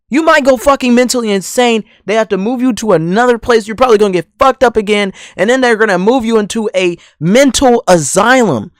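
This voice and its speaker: A man's voice: high voice, no room sound, clean studio sound. A man delivering a heated, profane call-out rant straight at someone, hammering the same points over and over. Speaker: commentary channel host.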